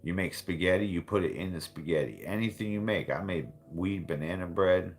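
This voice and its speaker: A man's voice: low voice, brisk. A man hosting a casual talk stream, speaking bluntly with frequent swearing and laughter. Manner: blunt and profane, laughs often. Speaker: livestream host. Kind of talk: casual chat.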